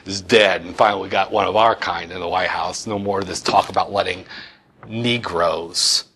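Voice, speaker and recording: A smug, bigoted politician, as a man puts him on, dropped lower than the man's own voice. He mutters in a hushed, conspiratorial tone with a drawl. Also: fairly even intonation, moderate pace, a little hiss or hum.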